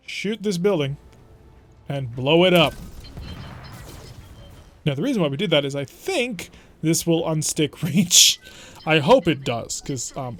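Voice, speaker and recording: Wry young male streamer, slightly high voice, chatty play-by-play with mock exasperation. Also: a bit bright. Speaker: gaming streamer. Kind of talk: let's play gameplay commentary.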